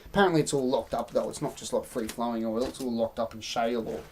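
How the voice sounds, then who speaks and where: A woman's voice: rumbling low, steady tone, fast talker, a little mellow, slight background noise. An Australian woman hosting a live stream, rambling through opinions and answering her chat in casual commentary. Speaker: livestream host.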